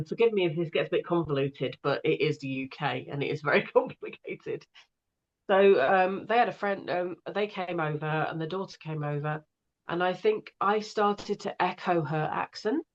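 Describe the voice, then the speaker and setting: A woman's voice: lowish voice, normal speed, lo-fi sound. A woman, an audiobook narrator chatting casually and digressively as a guest. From northwest England. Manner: chatty, digressive, many fillers. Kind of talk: casual conversation.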